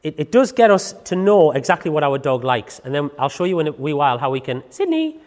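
Chatty dog trainer. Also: male voice, big pitch swings, brisk, darkish tone, long reverb tail. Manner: chatty, tag questions, switches to high praise for the dog. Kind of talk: casual instructional talk to camera.

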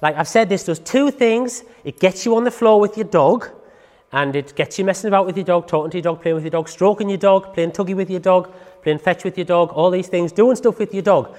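Fast-talking dog trainer. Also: male voice, high-pitched, in a large hall. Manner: chatty, animated, self-styled clown, repeats "you know what I mean". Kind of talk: informal teaching talk.

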